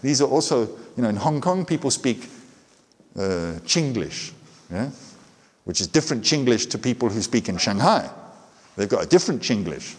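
A man's voice: medium pitch, big-room sound. A man with a southern English accent giving a chatty lecture and often asking "yeah?" after his sentences. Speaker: guest lecturer. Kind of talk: lecture with audience questions.

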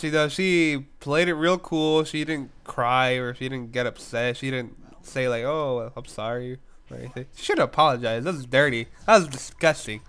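A fairly high, smooth, clear and slightly bright voice belongs to a YouTube gaming commentator with a cold. His nose is blocked and coughs interrupt occasionally; he rambles casually through his story and keeps dissolving into giggles.

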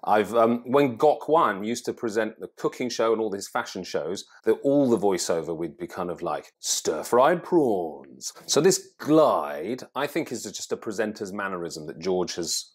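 Man, husky voice, low pitch, speaking coach, casual explanation to camera. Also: lively intonation, normal speed, few pauses. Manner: conversational, thinking aloud with fillers and asides. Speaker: presenting coach. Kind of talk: teaching to camera.

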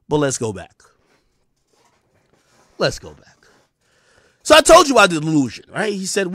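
A man giving a profane, mocking ranting commentary, animated throughout. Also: sits high, a little fast, long pauses, no room sound, studio quality. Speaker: online commentator.

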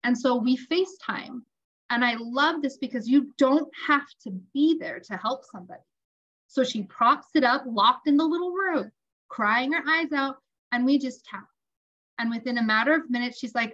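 A woman telling family stories in an online interview, animated and acting out the dialogue she quotes. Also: high voice, moderate pace, lo-fi sound. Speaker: tapping practitioner guest.

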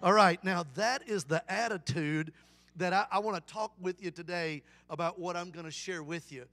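A man's voice: high-pitched, normal speed. A middle-aged man, a guest evangelist, preaching a folksy, humorous sermon. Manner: folksy, animated storyteller with humor.

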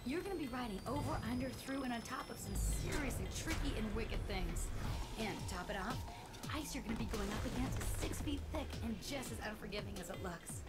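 Woman playing a brisk game mission coordinator, higher voice, loud music behind. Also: lively intonation, lightly acted. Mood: briefing. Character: brisk female mission coordinator briefing a snowboarder. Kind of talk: scripted game dialogue.

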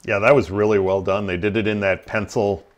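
A man's voice: fairly low pitch, level tone, brisk. A man hosting a game livestream, chatting casually and rambling with lots of ums and laughs. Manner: rambling, laughs at own stories, many ums. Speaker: livestream host. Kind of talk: casual gaming stream chat.

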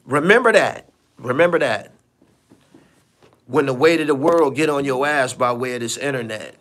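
A man's voice: mid-range voice, moderate pace, fairly bright tone. A man hosting a live stream, talking bluntly and profanely and repeating himself for emphasis. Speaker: podcast host. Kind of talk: casual live-stream commentary.

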